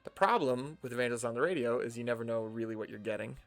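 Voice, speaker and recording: Gravelly-voiced man rambling casually. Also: medium pitch. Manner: rambling, digressive, with filler pauses. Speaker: streamer. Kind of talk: casual commentary while playing a game.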